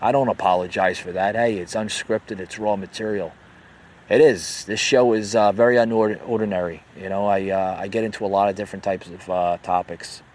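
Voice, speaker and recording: A man's voice: fairly low pitch, fairly even intonation, normal speed, darkish tone, a little hiss or hum. A man hosting an unscripted opinion podcast, talking in a heated, repetitive way, full of "you know.". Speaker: podcast host.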